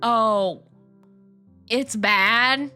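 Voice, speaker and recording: Young woman streamer ranting n laughing, slow bright voice, faint music in the back. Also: fairly high pitch, clear, resonant tone. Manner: animated, ranting, slangy, laughing. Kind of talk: casual chat while gaming.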